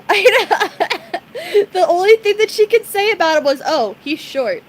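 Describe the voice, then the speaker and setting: A woman's voice: very high voice, normal speed, a little hiss or hum, poor audio. A woman streamer chatting casually with her viewers, giggling often and greeting people in the chat by name. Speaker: live streamer.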